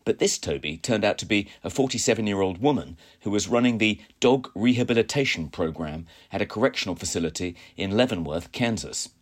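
Male reader for a first-person column, low-pitched voice, wry and matter-of-fact. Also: lively intonation, fairly quick, hardly any pauses.

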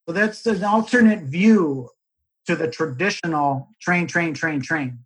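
A man hosting a podcast conversation, explaining his views in a measured way. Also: a little high, husky, rough recording. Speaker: podcast host.

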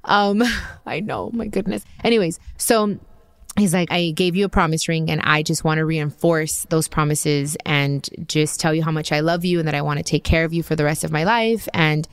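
Woman host, 30s, lowish voice, chatty storyteller, dry close mic. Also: moderate pace, clear, resonant tone, no room sound. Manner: chatty, animated, full of "like" and quoted asides. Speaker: podcast host. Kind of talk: casual storytelling.

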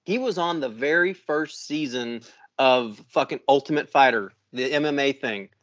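A man's voice: mid-range voice, normal speed, fairly bright tone, dry recording, highs cut off. A man co-hosting a podcast in casual chat, blunt and full of profanity. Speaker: podcast co-host.

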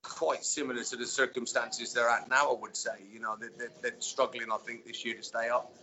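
Man, ex-footballer guest, rambling easy storyteller, bright voice, dull lo-fi sound. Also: mid-range voice, a little fast. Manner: relaxed storyteller, many fillers. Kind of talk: casual interview chat.

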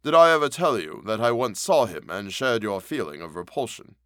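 A man voicing an earnest, good-natured male lawyer who speaks with brisk concern. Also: fairly low pitch, expressive, a bit bright, no echo, studio quality.

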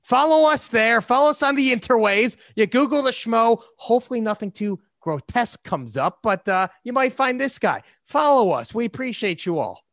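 A man's voice: very high-pitched, very animated, normal speed, few pauses, fairly bright tone, dry recording, clean studio sound. A man, an MMA interviewer who refers to himself in the third person and talks like an upbeat promoter. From Chicago area. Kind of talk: casual chat.

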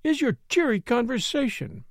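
A man voicing a lively young woman with a playful, mocking way of talking. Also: very high voice, moderate pace, vocal fry, no room sound, clean studio sound, voice pushed up, heavily acted. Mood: teasing.

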